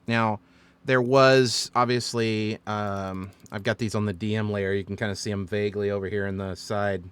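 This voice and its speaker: A man's voice: fairly low pitch, little pitch movement, normal speed, fairly bright tone, clean tone. A man as dungeon master, chattily recapping and explaining his choices on a stream. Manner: chatty, explaining with fillers and self-corrections.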